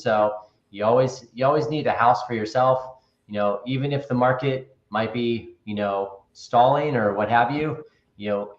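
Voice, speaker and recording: A man who is a guest on an interview show, giving upbeat, folksy advice over a remote call. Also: lowish voice. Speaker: credit repair business owner, interview guest. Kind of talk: casual interview talk. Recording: dull, echoey remote audio.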